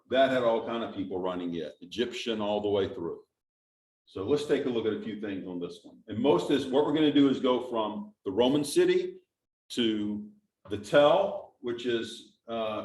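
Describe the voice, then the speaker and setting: A man speaks to a church audience in a relaxed, explanatory way, stopping to put questions to his listeners. His voice reaches the recording from some distance across a large sanctuary, with a roomy echo around it. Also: medium pitch. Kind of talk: informal slideshow talk. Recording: echoey hall from a distance.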